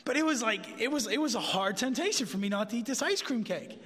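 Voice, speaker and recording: A man giving a casual, animated sermon as a pastor, often repeating himself as he goes. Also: extremely high pitch, fast, breathy edge, big-room sound.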